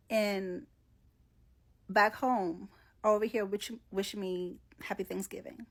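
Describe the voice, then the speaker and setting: A woman's voice: mid-range voice, steady tone, slow pace, pauses often. A woman raised in Nigeria giving opinionated commentary to camera in a scolding tone. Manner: opinionated, scolding, with sighs and laughs. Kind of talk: commentary video.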